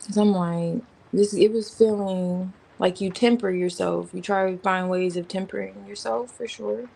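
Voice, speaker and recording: A woman talks through a tarot spread in a loose, chatty way, naming cards as she turns them and musing out loud. Her voice has a gravelly fry, and her speech stays informal and slangy. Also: mid-range voice, fairly even intonation, unhurried, low-quality recording. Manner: rambling, thinking aloud while naming cards. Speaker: tarot reader. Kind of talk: casual tarot reading.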